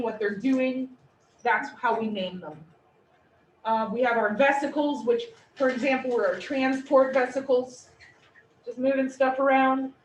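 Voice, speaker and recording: A woman instructor giving a lively, playful classroom lecture. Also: high-pitched. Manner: animated, playful explanations. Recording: echoey room, distant mic, faint noise.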